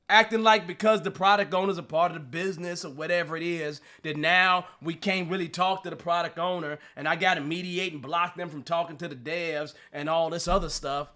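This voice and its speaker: Guy hosting a live stream, brightish voice kinda high, loves rhetorical questions and laughing at himself. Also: fairly even intonation, brisk, hardly any pauses. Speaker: show host and Scrum trainer. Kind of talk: live-stream talk show monologue.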